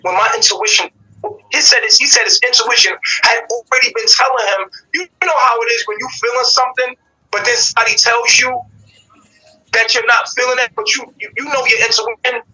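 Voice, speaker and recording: A man hosts a live call-in stream and tells a personal story at length. His voice sits high and cuts through, bright and edgy. He swears freely and slips into each person's voice as he quotes them. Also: fairly quick, poor audio. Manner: animated storytelling, acting out quoted people, swearing, slang. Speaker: show host.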